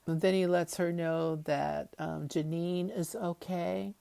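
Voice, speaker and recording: A woman's voice: fairly low pitch, steady tone, takes it slowly, gravelly, dark tone, smooth, no echo. A woman giving a chatty, wry recap of a TV episode, with lots of fillers as she talks it through. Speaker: TV episode commentator.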